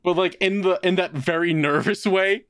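A young man co-hosting a podcast, telling a story in an animated, swearing, casual way. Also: sits high, moderate pace, clear, resonant tone, no echo, clean studio sound. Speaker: podcast co-host. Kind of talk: casual chat.

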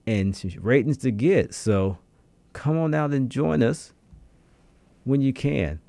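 A man co-hosting a podcast alone from a radio studio, chatting casually and talking straight to his listeners in slangy, animated bursts. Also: low voice, dry recording. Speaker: podcast co-host. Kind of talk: casual solo podcast chat.

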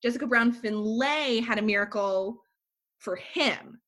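A woman's voice: fairly high pitch, a little slow. A woman co-hosting a podcast, chatting casually and retelling a film's plot with lots of "like". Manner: animated storyteller, heavy use of "like". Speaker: podcast co-host.

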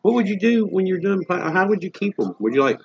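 A man's voice: high voice, big pitch swings, fast talker, slight background noise. A man in casual comedic chat, rambling through jokey stories with Southern slang. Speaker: co-host. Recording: dull lo-fi recording.

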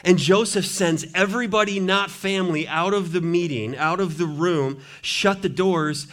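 A man pastor preaching a sermon, reading scripture aloud with dramatic swings between hushed, low passages and loud, raised ones. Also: moderate pace.

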